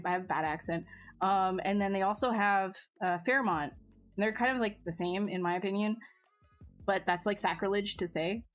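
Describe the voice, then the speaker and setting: Casual woman streamer, bubbly and chatty, mid-range voice, faint music underneath. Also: mid-range voice. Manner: bubbly, chatty, laughs often, many likes and restarts. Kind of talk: casual chat with live chat.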